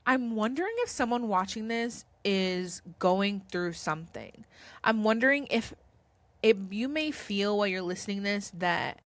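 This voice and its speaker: A woman's voice: mid-range voice, lively intonation, measured pace, dry recording. A woman vlogger talking to camera about spirituality in an earnest, reassuring, rambling way. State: tearful. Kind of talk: casual spiritual talk to camera.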